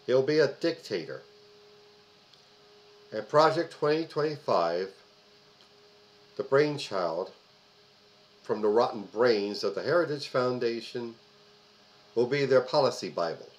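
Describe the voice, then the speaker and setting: A man speaking straight to his audience in an emphatic opinion monologue. He leans hard on key words and repeats phrases for stress. His talk is loose and unscripted, dotted with fillers. His pitch sits in a middle range for a man. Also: expressive, a little slow, pauses often, poor audio. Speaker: host of a political commentary video.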